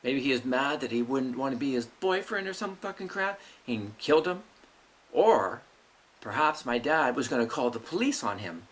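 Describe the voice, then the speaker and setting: A man's voice: medium pitch, lively intonation, moderate pace, a bit bright. A middle-aged man hosting his own show, ranting bitterly about his family with heavy swearing. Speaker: vlog host. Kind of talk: angry personal monologue.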